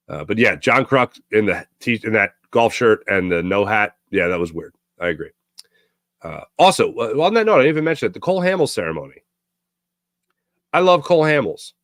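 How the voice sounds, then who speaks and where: A man's voice: lowish voice, lively intonation, a little fast, a bit bright, no room sound, clean studio sound. A man hosting a sports talk show, ranting sarcastically and casually while reading viewer comments. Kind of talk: casual live-stream chat reading comments.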